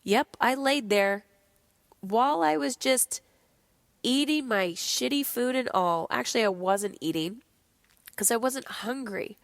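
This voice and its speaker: Gravelly and on the high side, this podcast host's voice runs a little slow as she delivers a blunt, profane, animated motivational monologue while sick and short on energy. The recording is dry and candid in tone.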